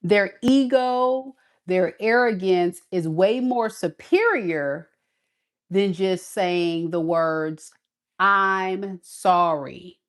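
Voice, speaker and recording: A woman reading tarot in a sassy, emphatic way, talking right to the viewer. She takes her time, drawing words out at an unhurried pace. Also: mid-range voice. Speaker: tarot reader.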